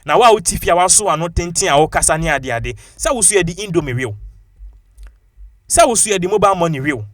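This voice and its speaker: A man with a Ghanaian English accent giving animated, opinionated commentary and mixing local-language phrases into his English. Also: high voice, fairly quick, dry recording, clean studio sound.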